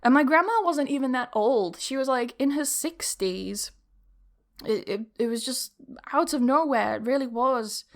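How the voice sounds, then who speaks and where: A woman's voice: high voice, expressive, normal speed. A young woman hosting a podcast, telling personal stories in a rambling, casual, confessional way, laughing often. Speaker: podcast host. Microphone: camera recording.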